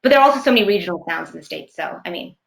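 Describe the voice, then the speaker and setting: Reflective actress guest, echoey room. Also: female voice, lowish voice, animated, racing, creaky. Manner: thoughtful, searching for words with many fillers. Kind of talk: casual interview chat.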